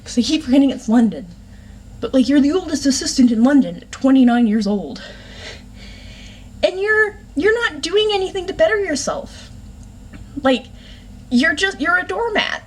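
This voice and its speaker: A fairly high-pitched woman ranting about a book she hates. She talks in a sarcastic, exasperated way and swears freely. Her delivery is casual and conversational. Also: sing-song, normal speed, long pauses. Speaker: book reviewer.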